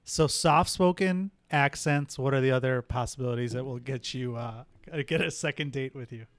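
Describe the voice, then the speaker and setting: A man's voice: mid-range voice, moderate pace. A man hosting a podcast, asking teasing questions in a casual chat. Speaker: podcast host.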